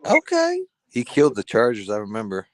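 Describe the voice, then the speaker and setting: A man co-hosting a live podcast, animated and playful, laughing and teasing. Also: medium pitch, brisk. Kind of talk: casual live-stream chat.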